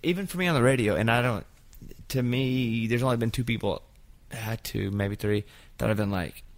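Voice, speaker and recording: A man's voice: mid-range voice, normal speed. A man who hosts a radio show, chatting casually with a guest. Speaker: radio host. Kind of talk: casual interview chat.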